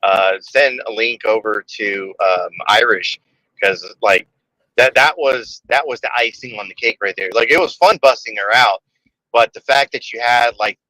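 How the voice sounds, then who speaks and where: A man's voice: mid-range voice, normal speed, sharp tone, dry recording, rough recording. A man in casual livestream chat, ranting emphatically with lots of swearing.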